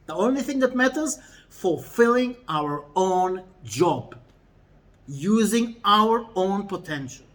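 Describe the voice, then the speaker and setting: A man giving a weekly Torah lesson in a lively, laughing way, often repeating phrases as he explains. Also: high voice. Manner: animated, laughing, mixing in Hebrew quotes. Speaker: Torah teacher.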